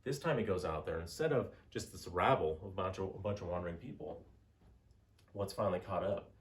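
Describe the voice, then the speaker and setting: A man's voice: low voice, brisk, far from the mic. Chatty male history teacher. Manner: animated, chatty, many fillers. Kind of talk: history lecture storytelling.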